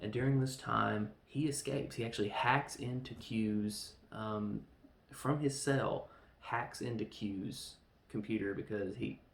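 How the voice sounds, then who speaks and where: Gravelly man in an echoey room. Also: on the low side. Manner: animated retelling with quick acted-out quotes. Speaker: podcast host reviewing films. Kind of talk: casual film recap.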